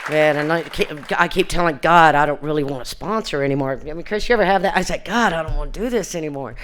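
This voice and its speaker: A woman's voice: low-pitched, quick pace, a crowd in the background, noisy background. An older woman giving earnest, plain-spoken personal testimony at a recovery reunion, often restarting her sentences and quoting conversations. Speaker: recovery speaker.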